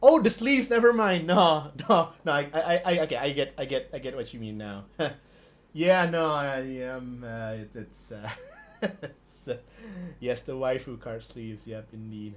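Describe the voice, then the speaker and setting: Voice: medium pitch, measured pace. A stream host commentating a tabletop wargame live, laughing constantly and swearing in disbelief at the dice rolls.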